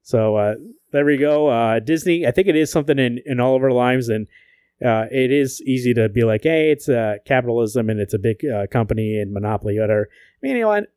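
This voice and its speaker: Podcast guy rambling and cursing for laughs, mellow voice, dry sound. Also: mid-range voice, a little fast, clear, resonant tone, dry recording. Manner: profane, joking, animated storytelling. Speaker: podcast co-host. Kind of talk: casual chat.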